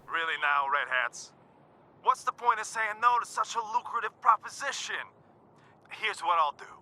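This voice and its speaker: An actor playing a scheming male cartel fixer in a video game, talking with loud, theatrical salesman patter. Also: sits high, animated, moderate pace, full character voice. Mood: smug. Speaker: game character.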